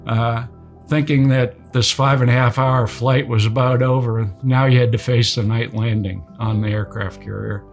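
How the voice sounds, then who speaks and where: An older man, a retired naval aviator, recounting a combat mission in a relaxed storytelling way with many fillers. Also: mid-range voice.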